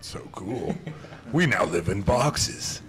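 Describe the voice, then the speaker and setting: A man's voice: on the low side, expressive, takes it slowly, a crowd in the background. A man talking casually on a radio panel, playful and joking, laughing often, over a live broadcast with background noise. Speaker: panelist artist.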